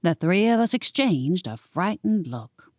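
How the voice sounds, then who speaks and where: A woman narrating a cozy audiobook in the first person, giving each character a lively voice. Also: fairly low pitch, measured pace, no echo.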